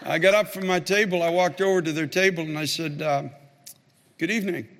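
A man's voice: a little high, steady tone, brisk, a bit bright, big-room sound, slight background noise. A man, a pastor, telling a story in a sermon and building to fervent, emphatic preaching.

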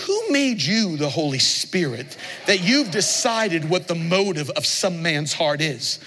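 A man in his forties preaching a sermon as a pastor, playful and animated, with sudden emphatic outbursts, in a large church hall. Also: high voice, slight background noise. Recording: long hall reverb.

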